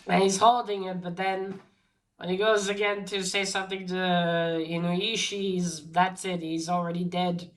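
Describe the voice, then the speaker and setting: A woman's voice: on the low side, flat delivery, a little slow. Woman retelling a comic, full of fillers. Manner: hesitant, many fillers and restarts. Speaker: comic book reviewer. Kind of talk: casual retelling of a comic plot.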